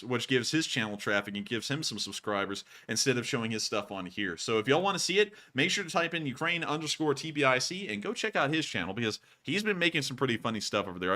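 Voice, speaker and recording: Sarcastic male host, bright ringing voice, animated reactions. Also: medium pitch. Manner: sarcastic, animated, mocking voices when reading. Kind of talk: casual chat reading reviews and super chats.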